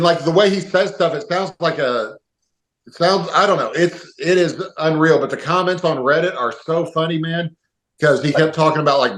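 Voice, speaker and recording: Rambling podcast co-host in an echoey room. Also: male voice, a little high, fairly bright tone. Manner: rambling, crude, laughing often. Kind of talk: casual podcast banter. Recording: roomy echo.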